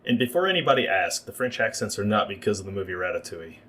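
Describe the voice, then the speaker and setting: A man's voice: fairly low pitch, sing-song, fast talker, a bit bright. A man narrating as game master for a livestreamed tabletop game, explaining the rules at length.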